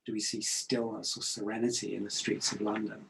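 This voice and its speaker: A middle-aged man giving a reflective talk, calm and measured, pausing often with hesitations. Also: lowish voice, creaky, slight background noise, rough recording.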